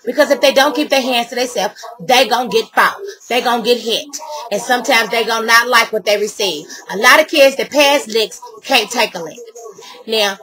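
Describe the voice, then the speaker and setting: A woman's voice: fairly high pitch, sharp tone, poor audio. A middle-aged woman ranting to camera, heated and blunt, with a lot of swearing. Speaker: vlogger.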